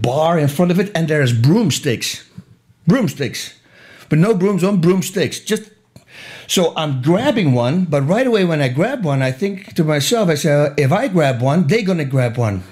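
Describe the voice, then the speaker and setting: A middle-aged man telling a wild personal story in a casual interview, animated and laughing often, with quick restarts. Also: a little high.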